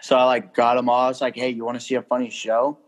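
A young man tells a bar story in an easygoing chat. His speech is loose and rambling, packed with fillers and casual swearing. His voice sits at an ordinary middle pitch. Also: little pitch movement, fast talker, slight background noise.

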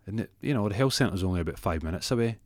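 A Scottish man spinning a comic yarn, his voice deep and low. He rambles, swears and trips over his own words, recorded dry and close. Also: lively intonation, rapid-fire, dry recording. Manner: rambling, profane, self-interrupting. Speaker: storyteller. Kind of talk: comic storytelling.

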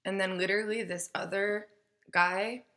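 A woman's voice: mid-range voice, steady tone, moderate pace, sharp tone. A woman casually telling a story, acting out the quoted voices and swearing freely.

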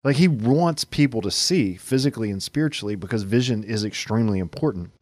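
A man with a very low voice chats casually on a podcast, wandering through his thoughts with plenty of filler words. The sound is dry and close to the mic. He talks as a co-host and husband and father. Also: lively intonation, fairly quick, darkish tone, dry recording. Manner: rambling, lots of "like" fillers. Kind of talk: casual chat.

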